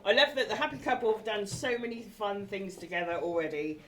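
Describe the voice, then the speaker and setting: A woman in her forties, her voice mid-range and fairly quick, gives an emotional, slightly tipsy wedding speech in a large reception hall, laughing through tears and slipping in apologies. A distant mic catches her over a lively crowd, with a little hiss or hum in the recording.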